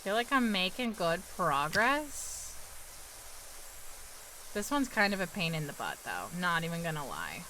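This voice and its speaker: A woman's voice: on the low side, sing-song, unhurried, long pauses, pushed and bright, slight background noise, rough recording. A young woman with a New York accent, chatting casually with her viewers while she plays a game and answers their questions. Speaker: streamer. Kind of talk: casual chat with live chat while gaming.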